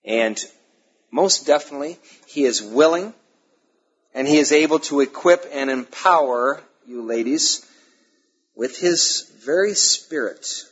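A male pastor preaching a sermon, emphatic, repeating key phrases and pausing between them. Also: mid-range voice, husky. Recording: dull lo-fi sermon recording.

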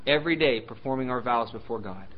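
A man preaching a sermon and reading scripture aloud, emphatic, swinging between loud declaiming and hushed asides, fighting a sore throat. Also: mid-range voice, expressive, quick pace, dull audio, slight background noise. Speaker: pastor.

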